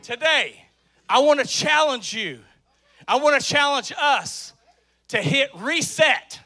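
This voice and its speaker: A man preaching an energetic sermon to a church congregation, often shouting. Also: extremely high pitch, slow, faint music behind. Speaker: pastor. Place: church sanctuary with live congregation.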